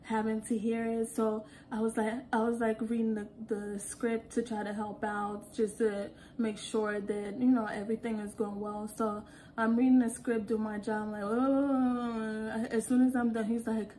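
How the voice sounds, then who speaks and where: A young woman telling work stories in an animated, casual way, laughing as she goes. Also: a little high, moderate pace, slight background noise. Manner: animated, acts out quotes, laughs often. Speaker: call center worker. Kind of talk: casual storytelling vlog.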